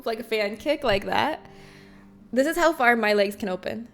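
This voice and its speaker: A woman's voice: fairly high pitch, animated, normal speed. A young woman hosting a livestream, chatting with her viewers in a bubbly, self-mocking way and laughing often. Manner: reads chat messages aloud. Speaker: livestream host. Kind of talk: casual chat with chat readers.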